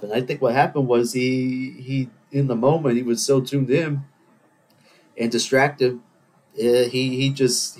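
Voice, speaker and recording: A man's voice: medium pitch, darkish tone, slight background noise. A man hosting his own podcast, talking alone in a rambling, self-mocking way and slipping into playful voices. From Greek heritage. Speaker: podcast host. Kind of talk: casual solo monologue.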